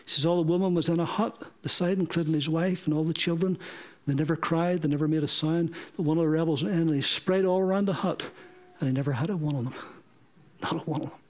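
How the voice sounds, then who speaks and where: A man's voice: fairly high pitch, fast talker. A middle-aged man, preaching a sermon through stories and acting out the dialogue he quotes. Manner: animated, acts out quoted dialogue. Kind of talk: sermon storytelling.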